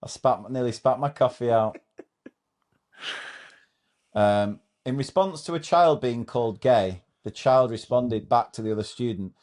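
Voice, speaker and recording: A man's voice: medium pitch, measured pace, darkish tone. A man hosting a comedy show, reading out a thread of teacher anecdotes in a casual, amused way and often breaking into laughter.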